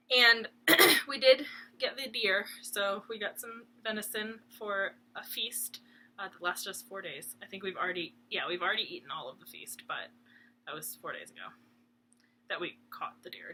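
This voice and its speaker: A woman's voice: mid-range voice, bright, forceful tone, a little hiss or hum. A young woman hosting a cross stitch channel, chatting casually and rambling at home, laughing often and talking to her dog. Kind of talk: casual rambling chat to camera. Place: room at home.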